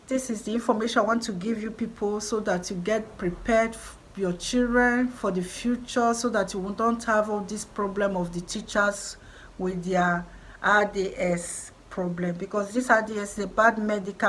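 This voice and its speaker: A Nigerian woman of middle age speaks straight to her viewers with a voice of middling pitch. She presses each point home, repeating herself like a preacher addressing a flock. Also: steady tone, normal speed, slight background noise, rough recording. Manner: emphatic, repetitive, preaching tone. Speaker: vlogger. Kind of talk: encouraging vlog talk.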